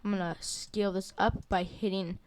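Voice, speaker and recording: A woman walking through a software drawing tutorial in a casual, hesitant way, with many fillers and self-corrections. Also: mid-range voice, little pitch movement, normal speed, smooth, no echo. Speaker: tutorial creator. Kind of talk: screen-recorded software tutorial.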